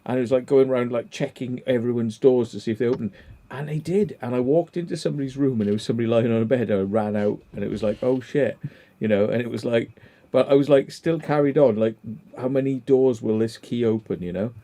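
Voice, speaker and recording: Casual host, mellow dark tone, rambling anecdotes padded with fillers. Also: male voice, medium pitch, fast talker. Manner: rambling storyteller, many fillers. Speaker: livestream host. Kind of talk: casual chat.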